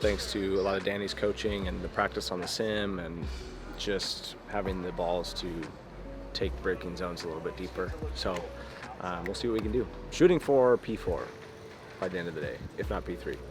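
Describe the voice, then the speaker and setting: A man's voice: deep voice, moderate pace. A young man, a racing driver, chatting casually in a vlog, upbeat and self-deprecating. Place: outdoors in a city, then at a race track. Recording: music playing under the voice.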